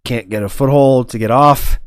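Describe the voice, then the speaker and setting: A man's voice: medium pitch, moderate pace, no echo, studio quality. A man co-hosting a podcast in casual chat, easygoing and steering the show from topic to topic. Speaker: podcast co-host.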